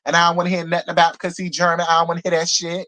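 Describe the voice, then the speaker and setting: A man hosting a casual live recap of a reality TV show, talking in a gossipy, profane, animated way and laughing often. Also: on the high side, very fast. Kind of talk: casual live review commentary.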